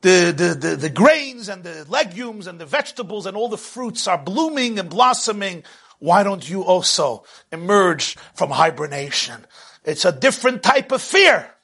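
Male religious teacher preaching; high, bright voice; lively delivery that swings between hushed and loud. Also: moderate pace, vocal fry, slightly rough. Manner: animated, swings from hushed to loud, laughs at own jokes. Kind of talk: sermon.

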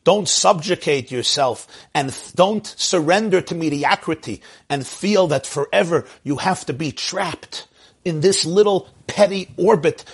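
A man's voice: sits high, slightly rough. A man teaching a sermon-style lecture as a rabbi, impassioned and building through repeated phrases.

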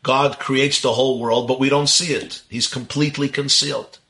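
Bright-voiced man teaching Kabbalah. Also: medium pitch, normal speed, gravelly. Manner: animated, intense, with rhetorical questions and chuckles. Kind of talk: religious lecture.

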